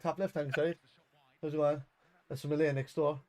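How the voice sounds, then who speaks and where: A man co-hosting a football watch-along, calling out excited reactions to the play and swearing freely. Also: a little high, moderate pace. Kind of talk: live match watch-along chat.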